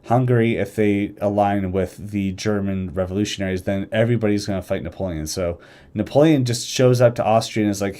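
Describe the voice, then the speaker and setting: A man with a fairly low voice chatting loosely on a live stream. He rambles and restarts his sentences, dropping into quick little voices for the nations he describes. The talk is unscripted and easygoing. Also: warm tone. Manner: rambling, self-correcting, acts out nations in quick quoted asides. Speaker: streamer discussing a game mod's alternate history.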